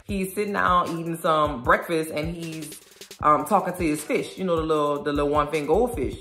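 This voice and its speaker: A woman with a low voice retells a show episode in loose, animated, slangy chat. She slips into the characters' lines as she goes. The room around her is echoey, with faint music underneath. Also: normal speed. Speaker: video host recapping a show episode. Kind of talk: casual recap chat.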